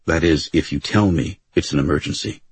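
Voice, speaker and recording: A man reading the part of a calm male defense lawyer who questions his client quietly and patiently. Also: a bass voice, brisk, breathy edge, dry recording. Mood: gentle, measured.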